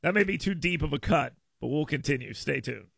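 A man's voice: on the high side, animated, brisk, vocal fry, background noise. An American man hosting a talk radio show, giving his opinions in a monologue. He stammers and restarts often, doubling the first words of his sentences. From United States.

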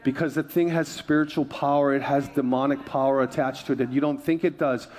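A man's voice: mid-range voice, steady tone, fairly quick, a little mellow. A male pastor preaching a sermon in a church, telling stories in a conversational, joking way. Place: church sanctuary.

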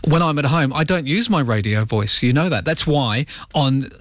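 A man's voice: medium pitch, animated, moderate pace, a bit bright, no room sound. A male radio host chatting casually on air, self-mocking and jokey, in a studio. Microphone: studio microphone.

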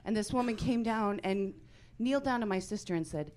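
A woman in her forties does stand-up, telling stories deadpan until she bursts out loudly. Her voice is medium-pitched, and she talks quickly with few pauses.

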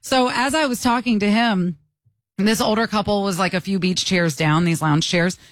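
A woman's voice: mid-range voice, fairly even intonation, moderate pace, dry recording. Laughing woman telling a story. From Michigan, USA. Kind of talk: casual storytelling chat.

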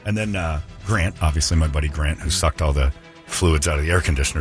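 A man's voice: extremely low pitch, fast talker, faint music behind. A man hosting a radio show, telling a long rambling story in a casual, anecdotal way with restarts and asides.

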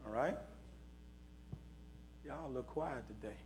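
At a slow pace and in a mid-range voice, a middle-aged man guides young people through an interactive Bible lesson, calling on listeners and asking questions with a folksy preaching tone. A little hiss or hum is audible.

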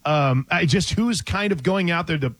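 A man co-hosting casual sports talk, his voice recorded close and dry. His voice sits slightly high for a man. He is chatty and animated and thinks through his points out loud. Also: normal speed, dry recording. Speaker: podcast co-host.

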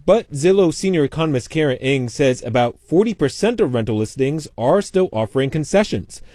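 A man reporter reading a scripted news story in an even, measured way. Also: a little high, dry recording, clean studio sound.

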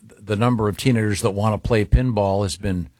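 A man hosting a radio show, chatting casually with co-hosts and pausing often with fillers. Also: lowish voice, steady tone, a little mellow. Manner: halting, lots of "uh" fillers. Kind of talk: casual morning radio banter.

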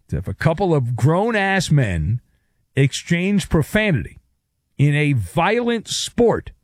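A man's voice: fairly high pitch, darkish tone, dry recording. A man hosting a sports talk radio show, ranting sarcastically in a monologue on a studio microphone. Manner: sarcastic, mock-outraged ranting.

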